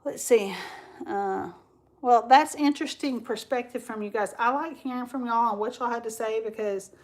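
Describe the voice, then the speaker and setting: A woman's voice: a little high, moderate pace. A woman chatting casually and at length to viewers as the host of her crafting livestream, laughing often.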